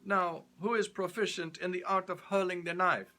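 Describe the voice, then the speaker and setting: Brief: shrewd investigator voiced by a man, measured questions, raised pitch. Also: steady tone, bright, forceful tone. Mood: probing. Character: shrewd, commanding Italian investigator.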